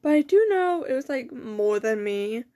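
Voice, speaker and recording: A teenage girl talks straight to her audience in a high voice, rambling from one tangent to the next. She swears freely and giggles through her stories, speaking with a mouth still numb from dental work. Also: expressive, normal speed, warm tone. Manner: rambling, profane, giggly storytelling. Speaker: vlogger. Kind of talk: casual chat.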